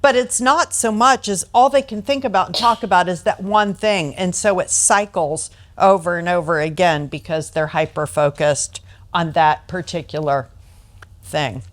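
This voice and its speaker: A woman's voice: lowish voice, moderate pace. A middle-aged American woman leading a training session, explaining points through family anecdotes and acting out the quoted voices. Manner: storytelling, acts out quoted voices.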